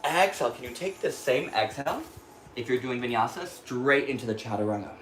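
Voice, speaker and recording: A man's voice: medium pitch, fairly quick. An American man guides a yoga flow, cueing each inhale and exhale as he moves and running a bit short of breath. His voice bounces around a roomy studio, with a faint hum underneath. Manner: calm cueing of breath and poses, breathy while moving through the flow. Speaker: yoga instructor. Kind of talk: guided yoga class cues.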